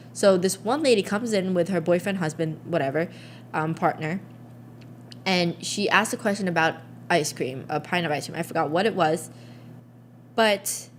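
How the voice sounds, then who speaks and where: A young woman co-hosts a podcast, rambling through stories in casual chat with lots of fillers and restarts. Her voice is on the low side, and there's slight background noise.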